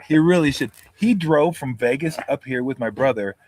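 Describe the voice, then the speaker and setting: A man hosting a casual sports podcast among friends. His voice sits at an everyday middle pitch, and he spins loose, profane stories while breaking into laughter. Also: lively intonation, normal speed, darkish tone. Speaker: podcast host. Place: vacation house with friends in Tahoe.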